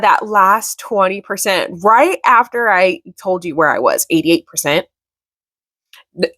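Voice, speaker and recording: A woman's voice: mid-range voice, moderate pace, fairly bright tone, no echo. A young woman vlogging casually about books, emotional and gushing, with lots of filler words. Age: young adult. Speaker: book vlogger. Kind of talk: casual chat.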